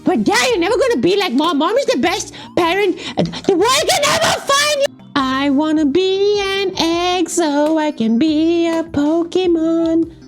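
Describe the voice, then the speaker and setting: A needy little radish son in a game voice-over, put on by the player, whining and pleading for his dad. The voice sits extremely high and leaps about wildly in pitch. Faint music plays underneath. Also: animated, a little slow. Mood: whiny pleading. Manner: whiny, pleading, often shouting "Dad". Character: clingy little radish son, whiny and dramatic.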